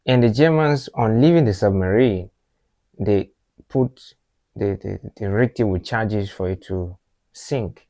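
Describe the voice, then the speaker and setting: A man's voice: on the low side, unhurried, dark tone, no echo. A man from Africa hosting a reaction video, talking in an earnest, reflective way that often repeats phrases. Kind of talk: casual reaction commentary.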